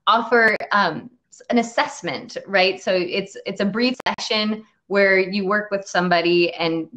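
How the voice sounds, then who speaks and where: A woman hosting a casual video interview, talking in a chatty, halting way with many fillers, restarts and frequent laughs. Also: medium pitch, a bit bright, muffled recording. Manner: laughs often while talking. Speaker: interview host.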